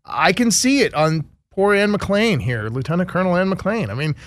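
A man hosting a casual podcast chat, his voice sitting a little higher than most men's. He jokes his way through stories and laughs often. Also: expressive, normal speed, no room sound, clean studio sound. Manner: jokey storyteller, laughs often. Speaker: podcast host.

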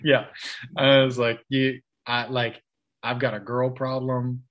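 Male guest, 30s, mid-pitched, loose chatty storyteller with frequent fillers and restarts. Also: flat delivery, takes it slowly, muffled recording. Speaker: interview guest. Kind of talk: casual storytelling.

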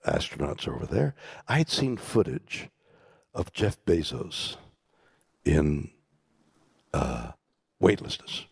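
Older man, gravelly dramatic storyteller. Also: low voice, no echo, studio quality. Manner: dramatic, halting delivery with hushed asides. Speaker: keynote guest in a stage conversation. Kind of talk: storytelling talk to a live audience. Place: conference stage.

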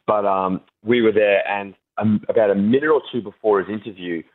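A man, a TV presenter, telling animated stories as a guest on a radio show. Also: fairly low pitch, brisk, narrow, tinny audio. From Australia. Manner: animated anecdotes, acts out quotes. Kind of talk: casual radio interview storytelling.

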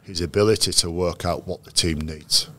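Male coach, very deep voice, measured storyteller, lots of restarts. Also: steady tone, sharp tone. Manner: anecdotal, measured, with frequent restarts. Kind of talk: interview storytelling.

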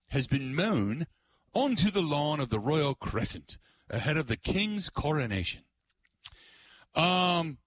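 A man's voice: mid-range voice, husky. Radio guy chatting loose, laughs a lot, voice swings up and down all over. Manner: laughs often, animated storytelling. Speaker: sports radio host. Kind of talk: casual talk radio chat.

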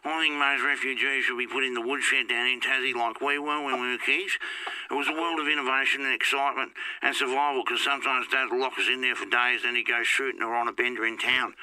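A man's voice: mid-range voice, steady tone, fast talker, bright, forceful tone, no echo, poor audio. A man impersonating a blunt, rambling middle-aged female politician. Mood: deadpan.

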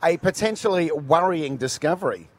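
Lively Australian radio host, high voice. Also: male voice, moderate pace. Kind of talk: breakfast radio banter.

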